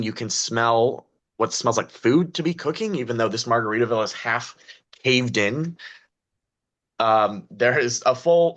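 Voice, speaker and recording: A man narrating as game master of a tabletop role-playing game, relaxed and chuckling often. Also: medium pitch.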